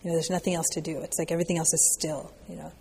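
Reflective woman meditation teacher, casual and unhurried in her phrasing, warm dark tone, recorded with long hall echo. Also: low-pitched, flat delivery, vocal fry, slight background noise. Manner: reflective, loose, peppered with "you know" and "like". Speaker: dharma teacher answering questions. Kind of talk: casual dharma talk Q&A.

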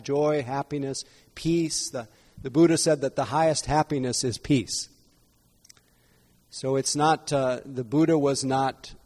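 A man teaching meditation in an evening dharma talk, unhurried and reflective, often repeating and rephrasing himself. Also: mid-range voice, darkish tone. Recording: long hall reverb.

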